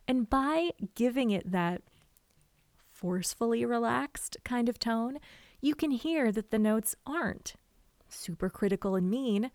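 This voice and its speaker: A woman giving casual writing advice to camera, expressive and chatty, often acting out quotes. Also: fairly high pitch, measured pace, no room sound. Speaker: writer and vlogger.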